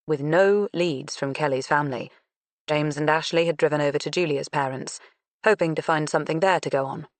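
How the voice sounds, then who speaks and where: A woman narrating an audiobook in a measured, unhurried reading. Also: deep voice, no echo. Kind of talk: scripted narration.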